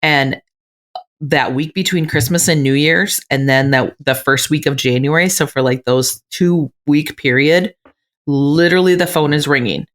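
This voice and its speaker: A woman co-hosts a podcast in a casual, chatty way, her low voice running through animated stories. Her speech is full of "like" as she talks. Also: normal speed. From Minnesota. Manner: animated storyteller, frequent "like". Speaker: podcast co-host, realtor. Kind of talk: casual chat. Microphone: remote recording.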